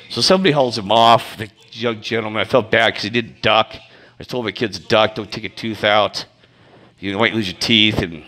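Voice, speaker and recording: Speaking at medium pitch on a rough recording, a man who coaches youth baseball rambles through casual stories. He gets animated, raising his voice whenever he imitates someone he's quoting.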